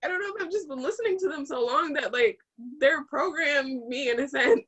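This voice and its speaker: A woman's voice: high voice, brisk, a bit bright, muffled recording. A woman on a coaching call, talking hesitantly as she works through her thoughts. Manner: hesitant, searching. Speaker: caller.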